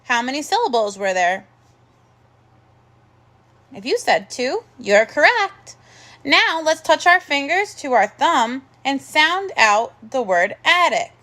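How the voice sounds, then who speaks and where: A woman leads a recorded first grade phonics lesson. Her voice sits high and bright, with a lively, swooping pitch. She speaks slowly and encouragingly, sounding out each word carefully. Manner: slow, clear, encouraging teacher talk with drawn-out sounds.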